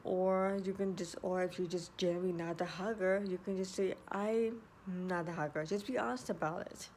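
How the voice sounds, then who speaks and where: An earnest woman gives casual advice in a low-pitched voice. She circles back and restarts her sentences. A faint hum of background ambience sits behind her. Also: steady tone, a little fast, darkish tone. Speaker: vlogger. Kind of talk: casual advice talk to camera.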